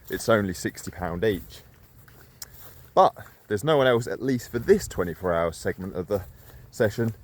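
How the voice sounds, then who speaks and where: Fairly low-pitched and a little mellow, a man's voice comes through as he strolls a lakeside for his carp fishing vlog, slightly short of breath. He keeps up a casual, chatty walk-and-talk, poking fun at himself and wandering into asides.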